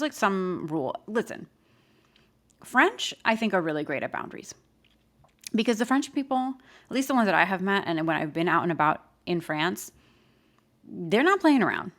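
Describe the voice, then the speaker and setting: A woman hosting a podcast, giving casual advice in an emphatic, animated way and laughing often. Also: lowish voice. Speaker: podcast host.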